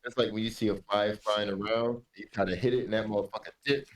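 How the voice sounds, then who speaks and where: Low-voiced incredulous podcast co-host. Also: male voice, fairly even intonation, fast talker, recorded from a distance. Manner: blunt, incredulous, profane. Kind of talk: casual chat reacting to videos.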